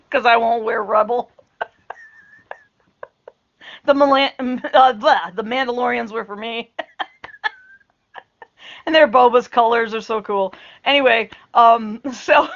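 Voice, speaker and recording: A woman's voice: a little high, muffled recording. A middle-aged woman talking to camera in a rambling, casual way, often breaking into laughter and trailing off into asides. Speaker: vlogger. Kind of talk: casual chat.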